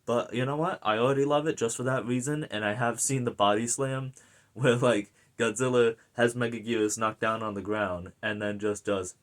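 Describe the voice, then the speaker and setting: An American man chatting through a movie review in a loose, rambling way. He keeps circling back with fillers and restarts, clearly enthusiastic about what he's describing. His voice sits at an ordinary middle pitch for a man. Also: fairly even intonation, normal speed. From United States. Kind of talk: casual film review chat.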